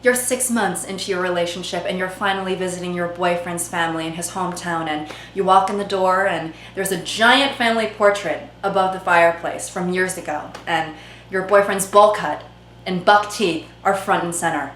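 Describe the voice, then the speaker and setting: A woman's voice: on the low side, fairly even intonation, normal speed, a bit bright, a little hiss or hum. A woman hosting a comedic commentary video, sarcastic and playful in her delivery. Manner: sarcastic, playful, slips into mock voices. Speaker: YouTube host. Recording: echoey room with faint music.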